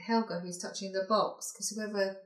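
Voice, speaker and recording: A woman's voice: mid-range voice, fairly even intonation, normal speed. A woman co-hosting a comedy podcast, giggly and cheeky in casual chat. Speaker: podcast co-host. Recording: roomy echo.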